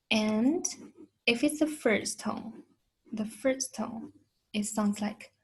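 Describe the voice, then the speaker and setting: A woman with a Chinese accent talks through a beginners' lesson at a very slow, deliberate pace. Her voice sits a little high and sounds slightly husky. She says each sound twice, with patience. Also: a little mellow, rough recording. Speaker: Chinese language teacher. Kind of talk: slow, careful language lesson.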